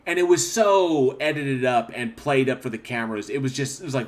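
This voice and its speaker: A man from northern Oklahoma chats loosely on a livestream, reading comments out and talking in loose, restarting sentences. His voice sits at an ordinary middle pitch for a man. The talk is unscripted and easygoing. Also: fairly quick. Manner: rambling, restarts, reads chat aloud. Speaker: livestream host.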